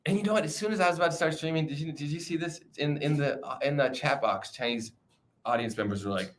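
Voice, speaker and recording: A man's voice: fairly high pitch, animated, quick pace. A young man chatting casually on a livestream, loose and profane, rambling with frequent restarts. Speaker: streamer.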